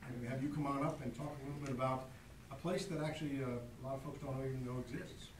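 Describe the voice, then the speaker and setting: A man's voice: medium pitch, steady tone, fast. A man chairing a county board meeting, genial and chatty, introducing honorees and calling for a motion. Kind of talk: public meeting remarks. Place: large public meeting room. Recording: echoey, distant, noisy meeting room.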